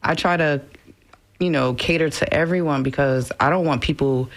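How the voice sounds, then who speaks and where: A woman's voice: sits low, moderate pace. A chatty woman in her forties, talking easily in a radio studio. She sounds upbeat and laughs often between her thoughts. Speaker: animal rescue founder and hair stylist, guest. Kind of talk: casual radio interview chat.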